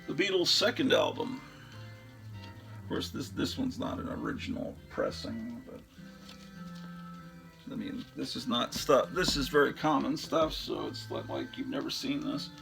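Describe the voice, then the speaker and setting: A man's voice: on the high side, wildly swooping pitch, a little slow, gravelly, pauses often, a bit bright, soft background music. A man hosting a show, chatting casually and enthusiastically about his record collection in a rambling way, often trailing off into fillers.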